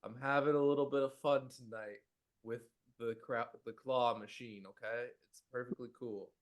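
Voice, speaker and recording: Disguised rogue, played by a man, slow, soothing, mid-pitched. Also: fairly even intonation, lightly acted. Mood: placating. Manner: slow, placating. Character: smooth-talking disguised male adventurer.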